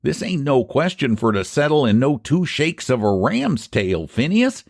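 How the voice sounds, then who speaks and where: A man voicing a stubborn, quick-tempered older rural pie seller with a rural American dialect and a folksy drawl. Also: mid-range voice, very animated, gravelly, no room sound, studio quality, pitched above the performer's own voice, full character voice. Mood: indignant. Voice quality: folksy drawl, old-fashioned country grammar.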